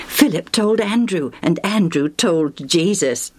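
A woman reading a Bible story aloud to children, gentle and expressive. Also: lowish voice, measured pace, few pauses, breathy edge. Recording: music under the voice.

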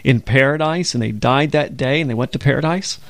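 Male Bible-program co-host, gravelly, earnest, dry studio sound. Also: medium pitch, fairly quick, no echo. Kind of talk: radio Bible discussion.

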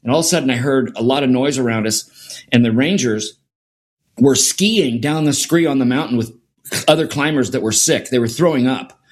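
A man's voice: mid-range voice, moderate pace. A middle-aged man, a guest in an interview, telling a story earnestly and repeating phrases for emphasis. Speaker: guest, sport performance scientist.

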